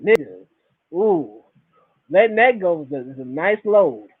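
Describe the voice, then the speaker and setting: A man in his thirties delivers a loose, swearing monologue, repeating his points for emphasis. His voice sits high for a man and swings widely in pitch. The sound is thin and tinny, as if heard over a phone. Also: a little slow, slightly rough. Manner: animated, repetitive, profane storytelling. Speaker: podcast host. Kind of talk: casual monologue.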